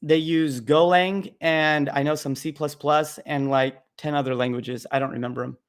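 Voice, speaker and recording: A young man runs a casual live Q&A about learning to code. He answers bluntly, cracks jokes, and rambles a bit with ums and uhs, in a voice pitched a little above the usual male range. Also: steady tone, normal speed, clear, resonant tone. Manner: blunt, joking, rambling with fillers. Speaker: livestream host answering coding questions.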